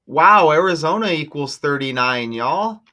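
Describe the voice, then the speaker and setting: A man hosting his own channel, talking casually and excitedly to viewers while walking through on-screen material, exclaiming often. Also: on the high side, a little slow. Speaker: channel host decoding news numbers. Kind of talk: casual screen-share commentary.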